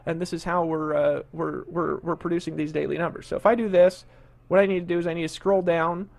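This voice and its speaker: High-voiced pushy webinar salesman. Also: level tone, brisk, gravelly, a little mellow. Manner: pushy salesman, scolds a complainer. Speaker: webinar host. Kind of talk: live marketing webinar.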